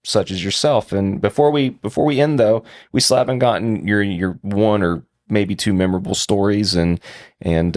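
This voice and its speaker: Man, very deep voice, podcast host, relaxed, casual, loose phrasing. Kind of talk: casual interview chat.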